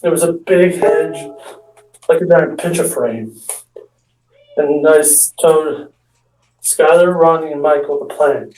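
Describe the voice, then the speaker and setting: A man's voice: on the high side, unhurried, pauses often, a little mellow. A man telling a rambling comic story about his friends, with restarts and acting out what others said. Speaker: amateur stand-up storyteller. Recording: echoey room, mic far off.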